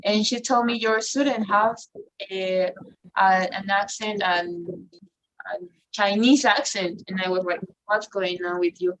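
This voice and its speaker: A woman teaching an English class online, talking slowly with many fillers and restarts. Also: mid-range voice, steady tone, fairly bright tone, poor audio. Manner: slow, hesitant, non-native English with many fillers.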